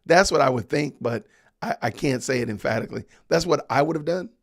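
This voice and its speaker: Gravelly-voiced man chatting on a livestream. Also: mid-range voice, expressive, fairly quick, no room sound, clean studio sound. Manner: chatty, reads viewer comments aloud with laughs. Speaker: podcast host. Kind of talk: casual livestream chat.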